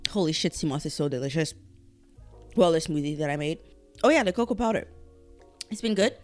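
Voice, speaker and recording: A woman's voice: deep voice, animated, a little fast, darkish tone, soft background music. A woman hosting her own podcast in a casual, rambling solo chat. She swears freely, trails off, restarts her sentences and speaks candidly. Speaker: podcast host.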